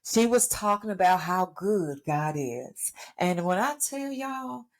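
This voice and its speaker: A woman's voice: on the low side, animated, takes it slowly. Earnest Texan woman sharing faith. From Texas. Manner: earnest, conversational, checks in with listeners. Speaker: ministry founder and host. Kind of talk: inspirational faith talk.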